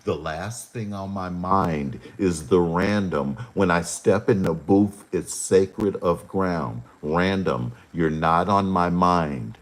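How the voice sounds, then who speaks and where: A man hosting his own livestream, rambling to his chat in a slow, drawn-out way with sudden animated jumps. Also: sits low. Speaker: rapper hosting a livestream show.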